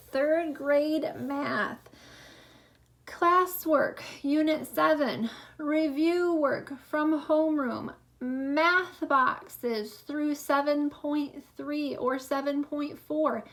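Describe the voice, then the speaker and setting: A young woman teaching a remote lesson to young schoolchildren, speaking slowly and clearly with a drawn-out teacher delivery. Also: high voice. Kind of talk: remote class video lesson.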